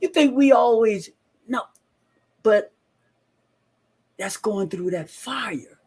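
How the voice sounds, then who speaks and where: Male motivational co-host, high voice, slow and preachy delivery. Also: a little mellow, husky. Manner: preachy, repeats lines for emphasis. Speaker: podcast co-host. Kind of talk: motivational talk.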